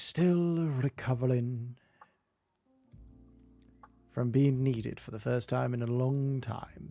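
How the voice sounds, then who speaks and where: A man's voice: medium pitch, steady tone, slow, vocal fry, pauses often, mellow. A man chatting casually with viewers at the start of a live stream, greeting them by name and rambling a little. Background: faint game music.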